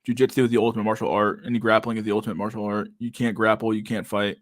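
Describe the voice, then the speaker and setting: A man's voice: fairly low pitch, level tone, rapid-fire, no room sound, clean studio sound. A man in his thirties hosting a casual live stream, reading viewer comments aloud in a loose, profane way and saying "dude" a lot. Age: 30s.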